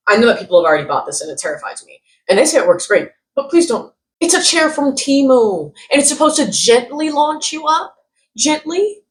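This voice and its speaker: A young woman vlogging comedic product reviews, sarcastic and animated, jumping from loud outbursts to muttered asides. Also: on the high side, poor audio. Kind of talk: casual comedic commentary.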